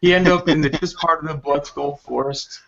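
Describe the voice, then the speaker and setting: A man's voice: a little high, steady tone, fairly quick, gravelly, muffled recording, a crowd in the background. A man reading a crude comedy story aloud on a podcast, often laughing and stumbling over words.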